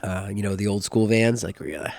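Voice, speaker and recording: A middle-aged man co-hosting a church sermon recap podcast, a lively storyteller who acts out the voices in his stories. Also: lowish voice, moderate pace, gravelly. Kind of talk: casual church podcast chat.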